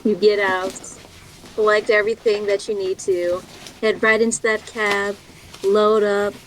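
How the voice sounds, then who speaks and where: A woman narrating scenes as game master of a tabletop game, in a plain, steady way. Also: medium pitch, unhurried, slight background noise, poor audio.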